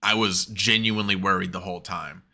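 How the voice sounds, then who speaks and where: A man co-hosting a casual wrestling podcast on a headset, swearing freely and often laughing as he acts out quotes in a higher voice. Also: steady tone, a little fast, creaky, pushed and bright. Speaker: podcast co-host. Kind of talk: casual chat.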